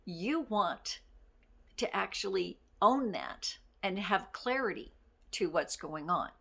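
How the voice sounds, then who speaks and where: A middle-aged woman giving a casual motivational talk as a life coach, candid and self-deprecating, with quick laughs. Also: medium pitch, expressive, gravelly, bright, forceful tone.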